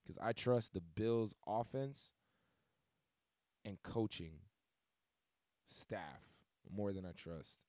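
A man's voice: lowish voice, takes it slowly, pauses often, warm tone, no echo, studio quality. A man hosting a sports podcast, talking loosely and casually with lots of fillers and restarts. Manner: loose, rambling, filler-heavy delivery with self-corrections. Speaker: podcast host.

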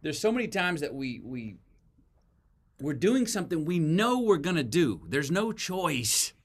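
With a fairly high, sing-song voice and an unhurried pace, a man talks as the author-guest in an interview. His style is casual and folksy, like a storyteller, and he performs quoted lines aloud.

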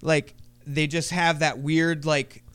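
A man's voice: a little high, slow pace, clean tone, dry recording. A man co-hosting a casual podcast, telling stories with lots of swearing. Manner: animated storyteller, swears constantly. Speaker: podcast co-host. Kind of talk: casual chat.

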